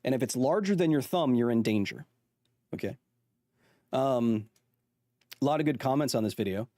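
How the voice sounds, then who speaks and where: A man's voice: mid-range voice, expressive, normal speed, mellow, no room sound, studio quality. A man in his thirties hosting a live stream, chatting casually and jokingly and reading out viewer comments. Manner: playful, joking, reads chat aloud. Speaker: host.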